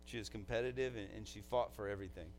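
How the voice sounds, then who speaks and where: A man's voice: on the low side, a little hiss or hum, rough recording. A man, a pastor, delivering a eulogy in a conversational, heartfelt way, often dropping in "man" as a filler.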